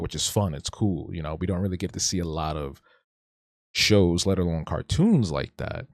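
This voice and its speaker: Low-voiced man musing casually on stream. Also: normal speed, darkish tone, no echo, studio quality. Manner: rambling, reflective, restarts and stutters often. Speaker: streamer hosting an art talk show. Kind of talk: casual livestream commentary.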